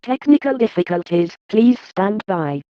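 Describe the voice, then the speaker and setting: A woman voicing a calm station announcer with a smooth announcing cadence, in a parody newscast. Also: medium pitch, measured pace, close to an everyday voice. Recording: dull, muffled sound. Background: music.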